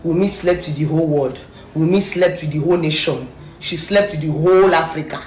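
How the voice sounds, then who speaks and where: A woman's voice: low voice, fairly quick, a little mellow. A woman with a Nigerian accent delivering a fierce, accusing rant to camera, hammering her points with repetition. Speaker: social media commentator. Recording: echoey room, faint background music.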